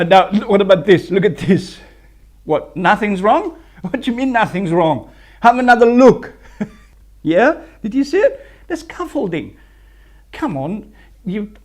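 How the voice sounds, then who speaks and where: High-voiced builder laughing at his jokes. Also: very animated, measured pace. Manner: chatty, keeps laughing at his own jokes. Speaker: licensed builder. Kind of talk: casual chat reacting to clips. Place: building site.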